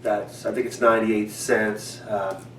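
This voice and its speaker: A man talks through a casual fishing how-to at home, rambling and halting with plenty of ums and restarts. His somewhat low voice sits away from the mic in a roomy, echoey space. A faint hiss runs underneath. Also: level tone, a bit bright, distant mic. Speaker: fishing channel host. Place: home indoors.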